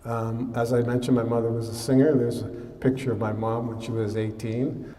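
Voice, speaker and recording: A man's voice: mid-range voice, level tone, fairly quick, warm tone. A man from Canada giving a public lecture in a museum hall, speaking conversationally with many fillers. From Canada, born in Halifax. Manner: conversational, many fillers, mimics relatives in quotes. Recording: echoey hall from far off.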